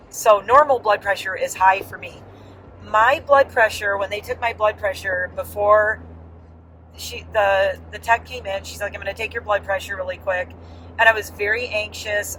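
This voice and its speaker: A woman's voice: mid-range voice, fairly bright tone, a little hiss or hum, rough recording. A woman talking candidly in a casual personal vlog from inside her car, rambling with restarts. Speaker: vlogger.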